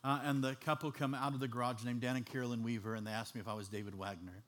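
A man's voice: medium pitch, steady tone, quick pace, a bit bright. A man from Chicago preaching a personal testimony in a conversational, storytelling style, with humor and frequent fillers. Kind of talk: testimony sermon.

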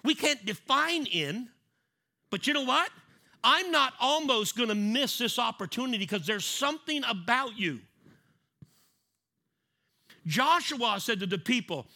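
A man's voice: very high voice, animated, unhurried, long pauses, bright, forceful tone. A middle-aged man preaching a sermon in a conversational way, acting out little scenes and repeating key lines for emphasis. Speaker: pastor.

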